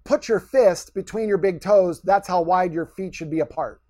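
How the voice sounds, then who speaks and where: Energetic male posture coach, high voice, instructive, talks the listener through exercises. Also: normal speed. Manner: energetic, instructive, gives step-by-step directions. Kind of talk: coaching guest on a podcast.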